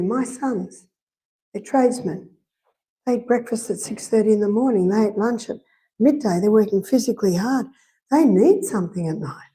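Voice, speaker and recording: Mellow-voiced Australian woman lecturing. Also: mid-range voice, rough recording. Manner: conversational, repeats points for emphasis, tells anecdotes. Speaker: health lecturer. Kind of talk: live health lecture. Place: church hall.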